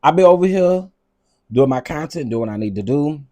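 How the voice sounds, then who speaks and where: A man hosting a casual vlog, ranting in an animated, repetitive, exasperated way. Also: a little high, brisk. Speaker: vlog host.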